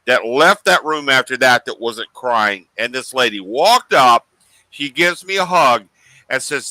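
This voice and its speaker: A man guesting on a podcast, telling animated stories in casual chat and acting out the voices he quotes. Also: medium pitch, takes it slowly, dry recording, poor audio. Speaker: guest paranormal investigator.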